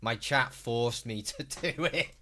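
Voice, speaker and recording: Exasperated sweary streamer. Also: male voice, medium pitch, slow pace, music in the background. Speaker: live streamer. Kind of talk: reaction stream commentary.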